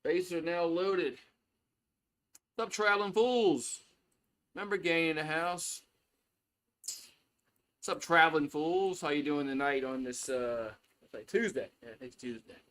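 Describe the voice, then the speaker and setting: A man's voice: on the high side, measured pace, pauses often, a bit bright. A man giving casual play-by-play on a live stream, loose and chatty, swearing freely. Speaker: live stream sports host.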